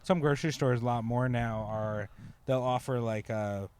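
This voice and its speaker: A man's voice: medium pitch, normal speed, darkish tone, clean tone. A man co-hosting a podcast, telling a story in a rambling, laughing way with lots of fillers. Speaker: podcast co-host. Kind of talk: casual storytelling chat.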